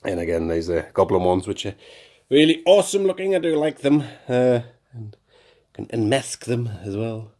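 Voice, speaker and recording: A man's voice: medium pitch, big pitch swings, moderate pace, warm tone. A man talking casually about his toy collection, rambling and correcting himself with jokey asides. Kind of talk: casual show-and-tell of collectibles.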